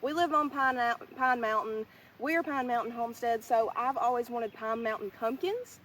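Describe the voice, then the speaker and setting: A woman's voice: on the high side, moderate pace, fairly bright tone, slight background noise. A young woman giving a chatty, upbeat walk-around tour of her farm, filmed outdoors on a handheld phone. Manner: chatty, upbeat, says "y'all" constantly. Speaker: homesteading vlogger. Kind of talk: casual walk-around vlog. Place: outdoors on a farm, by coops and garden. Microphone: handheld phone, no tripod.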